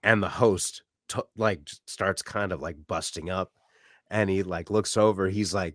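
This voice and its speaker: A man co-hosting a podcast, telling a story in casual chat and acting out loud shouts along the way. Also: low-pitched, normal speed, no echo, studio quality. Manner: loud, animated storyteller who acts out shouts. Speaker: podcast co-host. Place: apartment room.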